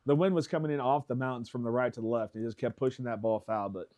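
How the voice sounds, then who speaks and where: A man's voice: medium pitch, fast, a little mellow. A man co-hosting a local sports radio show, laid-back and friendly, reading out player stats. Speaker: sports show co-host and broadcaster. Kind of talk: casual sports talk radio.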